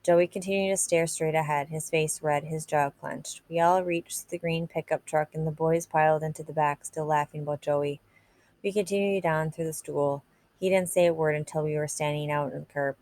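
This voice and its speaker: A woman reading a novel aloud in a steady, plain narrating manner. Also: low-pitched, moderate pace. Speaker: reader.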